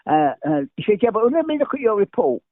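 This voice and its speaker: A man's voice: sits high, big pitch swings, gravelly, dry recording. An older man from England telling stories at speed, jumping from one tale to the next and tripping over his own words. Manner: talks very fast, jumps between stories, stumbles and restarts. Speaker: guest. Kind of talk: animated anecdotal storytelling. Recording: dry, tinny phone-like line.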